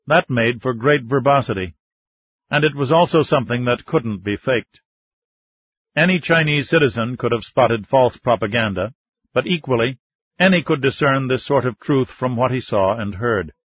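A man narrating an audiobook thriller in a steady, measured way. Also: medium pitch, lo-fi sound.

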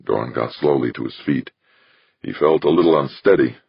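A man narrating an audiobook in an extremely deep, gravelly voice with a husky edge. His delivery is steady and measured. The recording is dry and a bit muffled. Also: no room sound. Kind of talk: scripted narration.

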